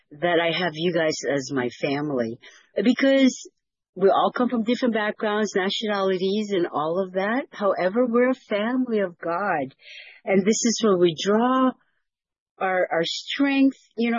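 A woman's voice: lowish voice, husky, dry recording, lo-fi sound. A woman leading a fellowship, sharing a personal testimony in an earnest, rambling way that repeats words, over a video call. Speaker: fellowship leader.

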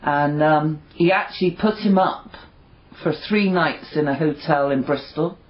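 A man's voice: a little high, unhurried. A man sharing an earnest, informal devotional talk with his fellowship, rambling with many fillers. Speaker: fellowship member sharing encouragement. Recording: dull lo-fi recording.

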